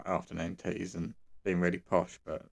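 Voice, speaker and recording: Easygoing guy, lowish voice, chilled podcast chat, agrees a lot. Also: monotone, moderate pace, creaky. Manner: easygoing, agreeable, laughs along. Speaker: podcast co-host. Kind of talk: casual chat.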